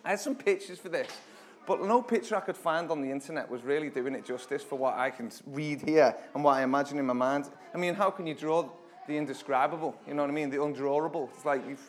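A man giving an informal Bible teaching in a church, chatting conversationally, then reading scripture slowly and dramatically with sudden loud emphatic bursts. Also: a little high. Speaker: preacher.

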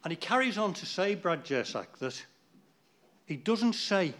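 A man's voice: fairly high pitch, very animated, normal speed, fairly bright tone. A man giving an informal, rambling talk to a church group, chatty and losing his place now and then.

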